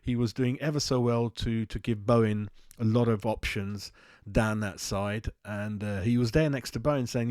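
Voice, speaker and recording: A man's voice: on the low side, steady tone, normal speed, a little mellow, dry recording. A man from West London with a London accent, hosting a football fan channel in a casual, rambling, blunt monologue. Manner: rambling, blunt, self-mocking.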